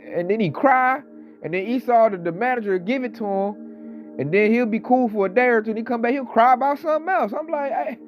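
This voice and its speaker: A man delivering a casual ranting monologue, talking with animated, mocking energy and mimicking coworkers. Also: extremely high pitch, quick pace. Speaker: online commentator. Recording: slightly dull audio, faint background music.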